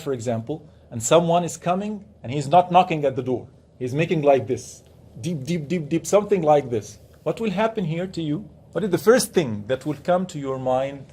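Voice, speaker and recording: A professor teaching Quran commentary lectures a classroom of students, explaining by posing questions to the class and repeating key words. His voice is fairly high-pitched and a little mellow.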